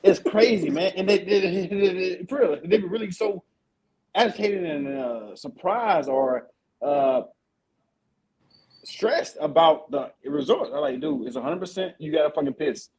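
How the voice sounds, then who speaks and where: A man hosting a casual veterans' podcast, telling army stories in a profane, animated way with lots of repeated fillers. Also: on the high side, unhurried, poor audio. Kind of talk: casual chat.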